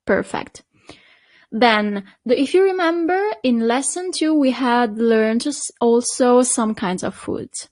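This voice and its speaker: A patient woman teacher with an Italian accent, her voice pitched a little high. She keeps checking on the learner as she goes. The sound is dry and close. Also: takes it slowly, a little mellow, no room sound. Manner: patient, checks in with frequent "okay?" and "perfect". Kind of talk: online language lesson.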